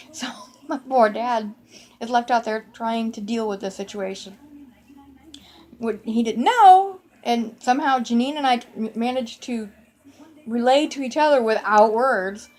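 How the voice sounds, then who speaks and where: A middle-aged woman telling a childhood story in a meandering, conversational way, full of asides and fillers. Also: fairly high pitch. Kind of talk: personal storytelling.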